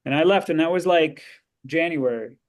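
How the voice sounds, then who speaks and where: A man, a guest actor, telling anecdotes in a casual, lively way on an interview podcast. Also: a little high, normal speed. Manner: lively, animated storytelling with frequent laughs.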